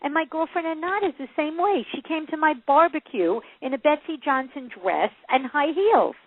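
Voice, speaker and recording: This parenting coach has a high-pitched voice at normal speed, heard over a phone line with slight background noise. In a casual interview she spins lively anecdotes, laughing frequently and acting out the voices of the people involved.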